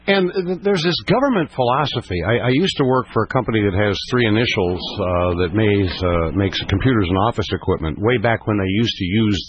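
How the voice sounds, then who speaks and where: An older man hosting a call-in radio talk show, halting and repeating words, his pitch climbing when he gets emphatic. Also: slight background noise. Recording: dull lo-fi radio broadcast.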